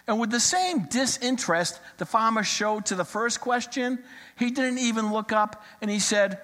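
A man preaching a sermon, telling a folksy story in an animated, storytelling manner. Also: high voice, normal speed, in a large hall.

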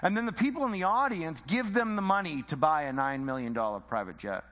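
A man's voice: on the high side, expressive, a little fast, fairly bright tone, big-room sound. A man teaching the Bible informally, conversational and full of rhetorical questions and repeated phrases.

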